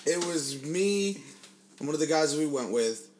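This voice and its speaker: A man chatting casually among friends, telling an animated story full of swearing and acted-out quotes. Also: on the high side, measured pace, a loud crowd. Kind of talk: casual podcast chat.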